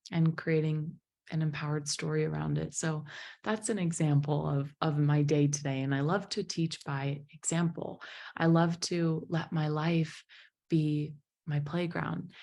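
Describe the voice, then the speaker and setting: A woman giving a motivational talk to a group at an evening presentation, telling a personal story in an emotive, animated way. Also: low-pitched, vocal fry. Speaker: motivational speaker and business founder.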